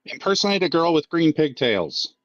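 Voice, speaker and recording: A man player trading quick heckling jokes at a tabletop game. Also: fairly high pitch, sing-song, highs cut off. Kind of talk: casual joking banter.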